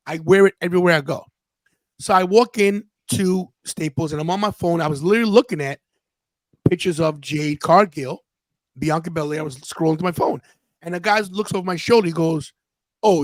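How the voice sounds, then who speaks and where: A man's voice: on the high side, dry recording, poor audio. A man in his fifties hosting a podcast, telling a personal story in an earnest, casual way and often restarting his sentences. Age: 50s. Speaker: podcast host.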